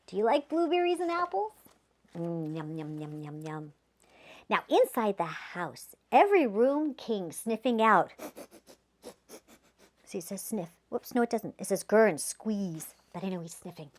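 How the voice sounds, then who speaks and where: Lively woman reading a children's story. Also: fairly high pitch. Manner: playful, asks the listening kids questions; drops to a whisper at quiet moments. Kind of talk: reading a rhyming picture book aloud to children.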